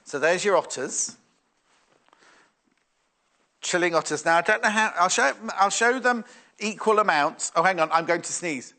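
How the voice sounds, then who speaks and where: He presents fabrics live on a shopping channel, chatting, musing, and reading out viewer messages. His voice sits high and sounds expressive and sharp, moving at a moderate pace with long pauses.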